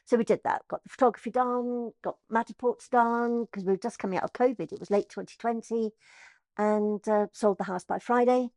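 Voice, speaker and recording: A middle-aged woman, an estate agent telling her story in an interview, chatty and animated. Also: on the high side, brisk, dry recording, clean studio sound. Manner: chatty, animated, acts out quoted voices.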